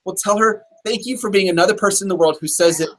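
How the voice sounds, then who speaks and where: A man's voice: high-pitched, a bit bright. Upbeat man hosting a live show. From Texas. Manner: upbeat, chatty, quick asides. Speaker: host.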